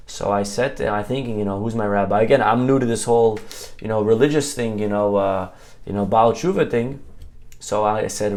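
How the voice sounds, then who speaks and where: Animated storytelling rabbi. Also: male voice, mid-range voice, normal speed. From Brooklyn. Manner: animated storyteller, acts out dialogue, many "okay?" asides. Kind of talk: sermon with storytelling.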